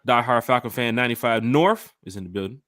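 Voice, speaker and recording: Male podcast host, energetic shout-outs, dry close mic. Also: mid-range voice, fast, no room sound. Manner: lively, hyped shout-outs. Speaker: podcast host reading live chat. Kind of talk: casual chat.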